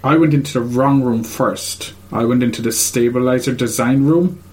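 A man's voice: medium pitch, moderate pace, darkish tone. A man in casual chat, retelling a video game's story in a hesitant, rambling way full of ums and uhs.

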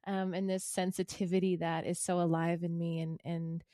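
A woman's voice: on the low side, little pitch movement, normal speed, no echo. A woman from Canada hosting a podcast, earnest and thoughtful, sharing memories openly. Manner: earnest, thoughtful, with soft affirming murmurs. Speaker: podcast host. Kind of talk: reflective conversation.

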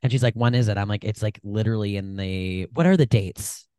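A man co-hosting a casual podcast chat, joking and teasing with lively energy, on a desk mic in a dry room. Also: on the low side, brisk, clean tone, no echo. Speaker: podcast co-host. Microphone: desk mic on a short stand.

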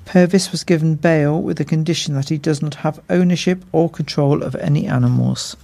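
A man reads out a local court report. His voice sits a little high for a man and has a gravelly, creaky texture. He keeps a measured, formal newsreading pace. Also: fairly even intonation, mellow, a little hiss or hum. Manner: measured, formal reading with small stumbles. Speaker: news reader. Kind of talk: read court news report.

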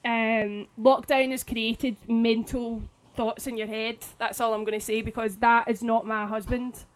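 Woman, 30s, slight lisp, high-ish voice, casual podcast chat. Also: level tone, measured pace, rough recording. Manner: chatty storyteller, many restarts and laughs. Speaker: podcast co-host.

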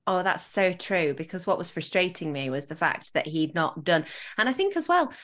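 A woman in her thirties hosting a podcast, telling a story with animated quoted voices and laughs. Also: lowish voice, moderate pace. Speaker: podcast host. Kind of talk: casual conversational interview.

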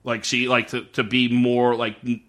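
A man's voice: medium pitch, flat delivery, moderate pace, a bit bright. A man co-hosting a podcast, chatting casually about a TV show in a rambling, profane way, with many "like"s. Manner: rambling, profane, heavy use of "like". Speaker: podcast co-host. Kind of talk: casual chat reviewing a TV show.

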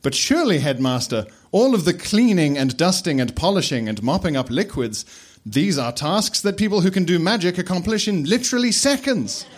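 A man's voice: high-pitched, lively intonation, normal speed, breathy edge, pitched above the performer's own voice. Man doing a prim young lady teacher, disapproving, proper. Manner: prim, objecting.

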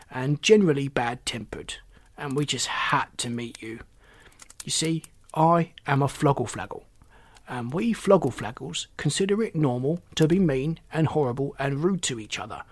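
A man voicing a rude, pompous male frog alien in a storybook reading, slow and sneering. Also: a little high, no room sound, close to an everyday voice. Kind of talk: storybook character voice.

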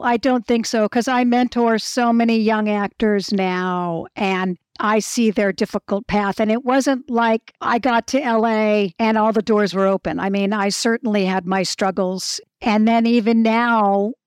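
A woman in her sixties, a guest telling animated stories with frequent restarts. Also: medium pitch, measured pace, smooth, no room sound, studio quality. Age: 60s. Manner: animated storyteller, restarts often. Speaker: actress and guest. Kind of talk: casual interview talk.

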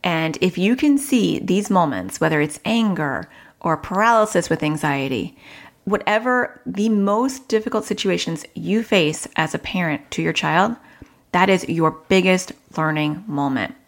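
A woman's voice: on the low side, expressive, a little slow. A middle-aged woman hosting a parenting advice podcast, chatty and self-mocking, sometimes acting out what a child might say. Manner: chatty, laughs at herself, acts out child voices. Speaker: podcast host.

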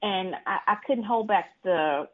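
A lively woman from Mississippi talks casually from home, laughing often and slipping into a higher voice when she quotes people. Her voice comes through a thin, tinny video-call line at a middle pitch. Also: unhurried. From Mississippi, USA. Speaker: author being interviewed. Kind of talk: casual storytelling interview.

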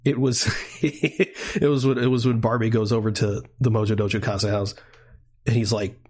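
A man's voice: on the low side, little pitch movement, moderate pace, a little mellow, breathy edge. A man co-hosting a podcast, chatting casually about a film, laughing often and joking sarcastically. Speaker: podcast co-host. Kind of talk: casual chat.

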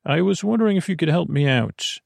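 A man's voice: a little high, lively intonation, fairly quick, gravelly, dry recording, voice pushed up, heavily acted. A man voicing a chatty, meddling townsman who rambles eagerly in a sleepy improvised bedtime comedy story.

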